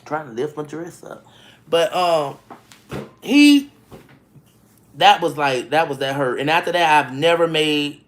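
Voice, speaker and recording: A woman's voice: low voice, expressive, a little slow, long pauses. A woman telling stories in a casual vlog from home, laughing often and talking bluntly with many restarts. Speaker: vlogger. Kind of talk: casual storytelling chat. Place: home, indoors.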